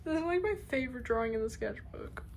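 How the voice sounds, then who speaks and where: A woman's voice: a little high, expressive, fast, vocal fry, a little hiss or hum, poor audio. Gushing, rambling young woman. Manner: gushing, rambling, trails off into mumbles. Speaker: artist showing her sketchbook. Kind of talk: casual sketchbook tour.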